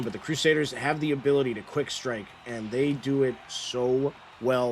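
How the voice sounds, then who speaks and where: A man doing esports play-by-play commentary, with rapid calls that jump up in pitch when goals go in. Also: slight background noise.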